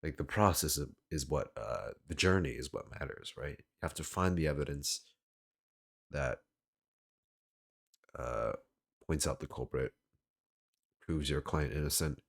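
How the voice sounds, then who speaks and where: A man's voice: a bass voice, measured pace, vocal fry, long pauses. A man casually commenting while streaming a game, rambling and thinking aloud.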